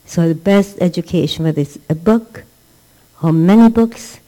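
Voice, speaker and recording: Woman rebbetzin giving a class, warm mellow voice, emphatic, repeats herself for stress. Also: on the low side, normal speed, poor audio. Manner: emphatic, repeats words for stress, acts out quotes. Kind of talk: religious lecture.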